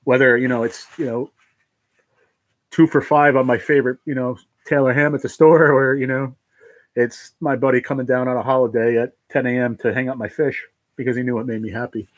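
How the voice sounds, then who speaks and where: A man's voice: medium pitch, steady tone, no echo, low-quality recording. Emotional New man on a livestream. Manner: halting, emotional, tearful with joy. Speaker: livestream host.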